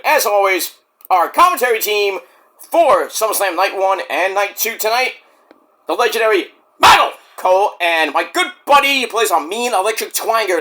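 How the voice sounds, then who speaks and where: A man's voice: high-pitched, bright, forceful tone. A man reviewing a wrestling show in a casual, rambling rant, crude and profane, and full of jokes.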